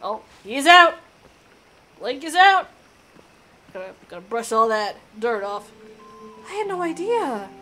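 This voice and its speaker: A woman gamer giving excitable, exclamatory commentary as she plays a video game. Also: high voice, unhurried, long pauses, faint music behind. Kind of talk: let's play commentary.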